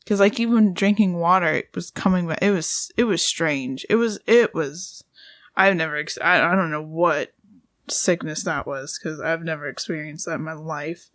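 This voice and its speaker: A woman's voice: low-pitched, normal speed, fairly bright tone, no room sound, studio quality. A woman co-hosting a podcast, chatting casually, giggling and breaking off mid-sentence. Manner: chatty, giggly, self-interrupting. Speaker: podcast co-host. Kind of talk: casual chat.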